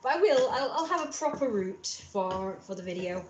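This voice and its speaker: A woman's voice: fairly high pitch, expressive, normal speed, muffled recording, slight background noise. A young woman vlogging at home in a rambling, casual way, swearing freely and laughing often. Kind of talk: casual chat to camera.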